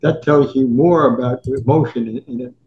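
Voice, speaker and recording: A man's voice: medium pitch, brisk, highs cut off, slight background noise. A man in his nineties from New Jersey, telling old anecdotes and acting out the voices of people he quotes. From Newark, New Jersey, USA. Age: 90s. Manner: animated storyteller who acts out quoted voices. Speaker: sportswriter guest. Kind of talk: anecdotal storytelling.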